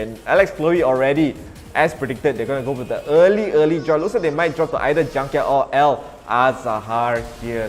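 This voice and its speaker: A man casting an esports match live, giving steady, analytical play-by-play. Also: medium pitch. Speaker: esports caster. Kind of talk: live game commentary.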